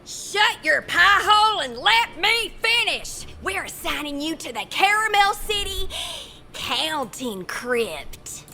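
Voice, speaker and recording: Villainous candy matriarch: shrill, bright, domineering, game cutscene. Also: female voice, sing-song, takes it slowly, creaky, soft background music, full character voice. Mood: bossy. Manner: sugary then snapping, domineering. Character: bossy villainous grandmotherly candy tycoon, woman.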